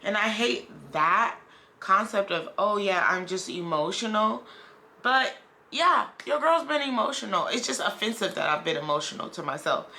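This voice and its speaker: A woman's voice: medium pitch, sing-song, normal speed, bright, forceful tone. A woman vlogger talking candidly in a casual, rambling video diary.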